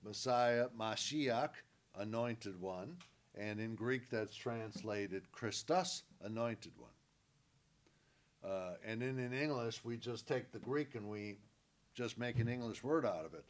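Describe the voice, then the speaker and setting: A man's voice: lowish voice, unhurried. A man teaching from the Bible, stressing key words by repeating them and answering his own questions.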